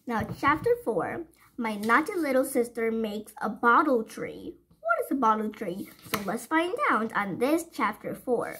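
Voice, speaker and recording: A woman reading a children's storybook aloud in a gentle, sing-song way, talking to her listeners. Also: a little high, animated, a little slow, slight background noise, poor audio.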